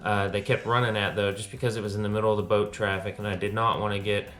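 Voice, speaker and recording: A man with a fairly low voice talks through his fishing day from a kayak out on a lake, casual and a little out of breath at times. He chats in a relaxed vlog style, and music plays clearly behind him. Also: quick pace. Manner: excited outbursts when catching fish. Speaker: fishing vlogger.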